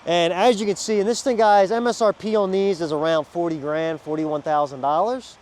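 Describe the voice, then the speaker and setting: A man showing off vehicles on a dealership lot outdoors, talking to viewers in a casual, energetic walkaround. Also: sits high, normal speed. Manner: energetic, chatty, addresses viewers as guys. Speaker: car salesman at a dealership.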